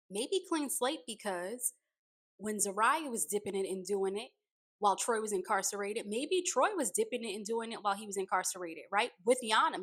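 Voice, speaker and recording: A woman giving an opinionated, casual recap of a reality show, laughing now and then. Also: fairly high pitch. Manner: opinionated, animated, laughs often.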